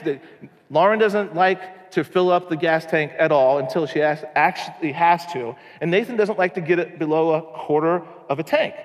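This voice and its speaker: A man preaching a sermon, telling stories in a conversational, animated way. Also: on the high side. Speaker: pastor. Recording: long hall reverb.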